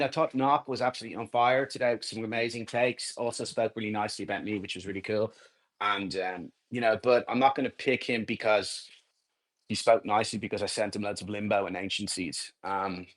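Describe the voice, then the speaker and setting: A man on a podcast, a game builder, speaking hesitantly with many fillers. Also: mid-range voice. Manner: hesitant, warm, full of fillers. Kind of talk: casual chat.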